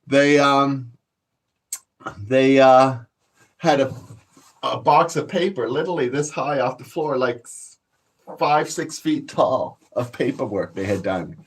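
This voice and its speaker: A man's voice: medium pitch, slow pace, long pauses, slightly rough. A man, telling boastful, profane stories to his viewers in a casual rant. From Canada. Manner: profane, boastful storytelling, laughs a lot. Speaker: channel host.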